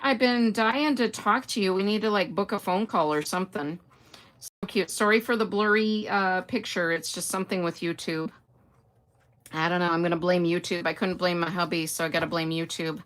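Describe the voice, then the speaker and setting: An older woman with a somewhat low voice, chatting casually through a live stream. She greets viewers by name and answers their comments in a friendly, rambling way. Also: steady tone, brisk, a bit bright. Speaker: host.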